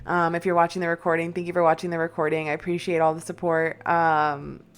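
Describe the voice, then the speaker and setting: A woman's voice: on the low side, little pitch movement, quick pace, smooth. A young woman streaming a horror game, talking casually into a desk microphone, nervous and often dropping to frightened whispers. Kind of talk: casual gaming live stream chat.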